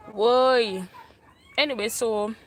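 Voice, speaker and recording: A woman with a Grenadian accent telling an animated storytime tale for her vlog, repeating herself in island dialect. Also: on the high side, slight background noise. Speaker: vlogger.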